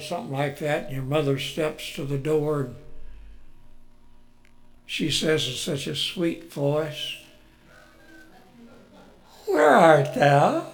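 A man preaching a sermon in an earnest way, moving between loud emphasis and hushed words. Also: fairly high pitch.

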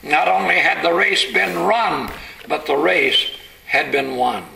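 A gravelly, bright-toned preacher man. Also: fairly high pitch, slow, poor audio. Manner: dramatic, rising to shouted climaxes. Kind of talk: dramatic sermon storytelling.

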